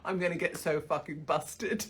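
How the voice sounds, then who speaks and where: A woman's voice: fairly low pitch, normal speed, slightly rough. A woman hosting a casual livestream from a hotel room on her phone, swearing bluntly and mocking people with frequent laughter. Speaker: livestream host.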